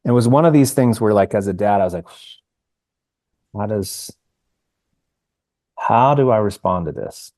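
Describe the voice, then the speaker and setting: Man, about 50, podcast guest; earnest and halting, warm low voice, dry. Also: animated, no echo. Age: around 50. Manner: earnest, halting, with many restarts and "like". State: emotional, near tears. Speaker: podcast guest, singer-songwriter. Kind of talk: reflective interview conversation.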